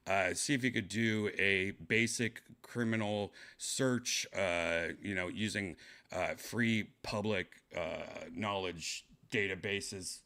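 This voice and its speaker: A man with a very deep, low voice hosts a casual podcast. He talks deadpan and trolling, drags his fillers out and mutters quiet asides into a studio mic. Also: slow pace. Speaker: podcast host.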